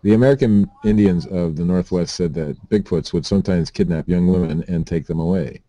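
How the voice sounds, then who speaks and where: Man, podcast host, very low voice, mellow tone, dry close sound, reading aloud with joking asides. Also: fairly quick, no echo. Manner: reads items aloud with self-deprecating asides and stumbles.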